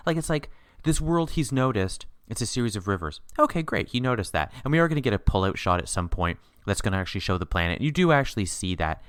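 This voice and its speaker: A man co-hosting a podcast, chatting about a TV miniseries in an animated way, laughing often with sudden upward jumps in pitch. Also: quick pace, few pauses, clean tone, no room sound, studio quality. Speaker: podcast co-host. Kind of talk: casual chat recapping a TV miniseries.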